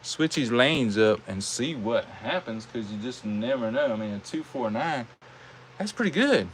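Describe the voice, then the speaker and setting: A Southern US man narrates a live toy car race he's hosting, his medium-pitched voice lively in intonation. He stays folksy and casual, drawing out words and saying "y'all," with a little hiss or hum in the recording.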